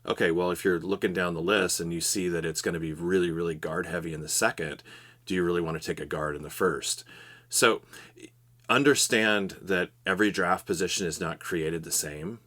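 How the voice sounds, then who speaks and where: A man co-hosting a podcast, giving steady advice in a casual explanatory way. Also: low voice, a little fast. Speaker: podcast co-host.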